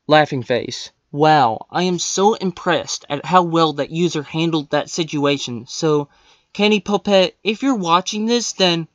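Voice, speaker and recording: A man's voice: on the high side, no room sound, muffled recording. A man doing sarcastic, exasperated commentary, reading out online posts in a vlog.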